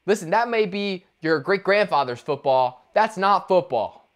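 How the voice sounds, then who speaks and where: A man's voice: high voice, a little slow. A man co-hosting a sports podcast, ranting in casual talk with lots of restarts. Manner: animated ranting, many restarts and fillers. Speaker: podcast co-host.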